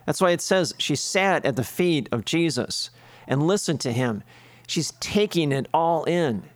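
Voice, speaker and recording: A man's voice: a little high, animated, a little slow, no echo. Man preaching a sermon, dry sound. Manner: earnest preaching with lists and rhetorical questions. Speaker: priest.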